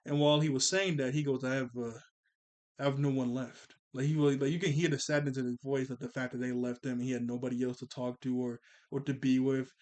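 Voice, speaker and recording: A man's voice: mid-range voice, little pitch movement, fast talker, few pauses, a little mellow. A man recapping a movie in casual chat, rambling with lots of "like" and "you know" and chuckling often. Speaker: movie commentary vlogger.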